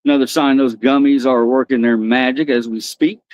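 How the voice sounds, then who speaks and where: A man's voice: medium pitch, steady tone, moderate pace, a little mellow, no echo, lo-fi sound. American guy rambling on a livestream, dry close sound, medium voice. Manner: rambling, loose and chatty, talks to viewers by name. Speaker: livestream host. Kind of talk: casual chat with chat readers.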